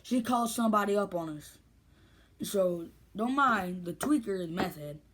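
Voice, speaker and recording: Husky-voiced woman, rambly slangy storytime, keeps restarting. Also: medium pitch, lively intonation, measured pace. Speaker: vlogger. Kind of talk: casual storytelling.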